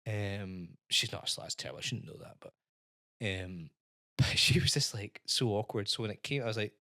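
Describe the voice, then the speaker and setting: A man's voice: fairly low pitch, normal speed, bright, forceful tone, dry recording, clean studio sound. A man, co-hosting a casual podcast and animatedly telling a story, acting out the dialogue and swearing casually. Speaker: podcast co-host. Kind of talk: casual chat, anecdote telling.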